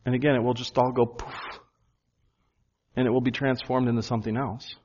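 Male pastor in the pulpit, mid-pitched, earnest, leans on key words; dull lo-fi recording. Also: flat delivery, a little mellow. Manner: earnest preaching, slows and stresses key phrases. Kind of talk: sermon. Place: church.

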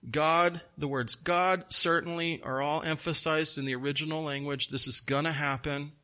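A pastor preaching a sermon, slowing down to stress key words, with folksy asides. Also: male voice, fairly high pitch, sharp tone.

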